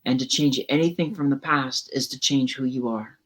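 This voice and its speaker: Reflective woman hosting a live show. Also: a bass voice. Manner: reflective, encouraging, measured. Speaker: show host. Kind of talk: casual live show chat.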